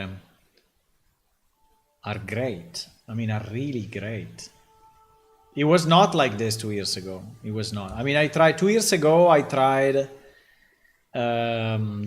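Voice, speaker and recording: A man who develops games, casually commenting on a live stream in a chatty, amused way with frequent restarts and repeated words. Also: fairly low pitch.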